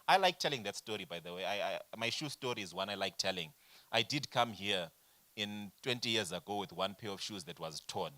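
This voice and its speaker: A man in his forties teaches a business workshop with a bright, forceful voice, keeping it lively with constant questions to the room. His pitch sits in an ordinary middle range. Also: a little fast. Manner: animated, addresses audience directly with rhetorical questions. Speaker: workshop facilitator. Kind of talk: lecturing a workshop.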